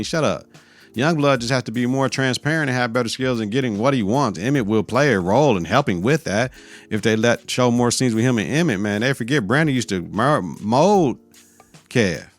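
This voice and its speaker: A male podcast host giving a casual, profane recap of a TV episode, laughing often. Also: mid-range voice.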